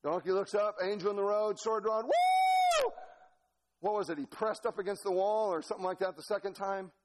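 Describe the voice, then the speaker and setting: A man preaching a sermon as pastor, telling a story in an animated, folksy way with laughter. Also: sits high, fast talker.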